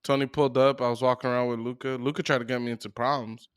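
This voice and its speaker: A man's voice: mid-range voice, level tone, rapid-fire, smooth, no room sound, clean studio sound. A man co-hosting a podcast, chatting casually in a laid-back, rambling, profane way. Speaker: podcast co-host. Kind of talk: casual chat.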